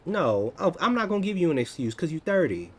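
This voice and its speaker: An American man in his thirties, chatting casually on a livestream, answering viewers in an animated, teasing way. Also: fairly high pitch, fairly quick, slightly rough. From United States. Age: 30s. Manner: animated, teasing, laughs often.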